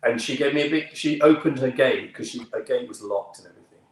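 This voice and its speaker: A man from the United Kingdom, an actor, telling anecdotes in an interview with lively delivery and frequent laughter. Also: medium pitch, quick pace. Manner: lively storyteller, laughs often, acts out other voices. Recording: roomy echo.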